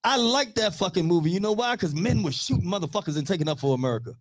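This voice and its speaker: Man in his thirties, high voice, profane, animated storyteller, casual talk show chat. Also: quick pace.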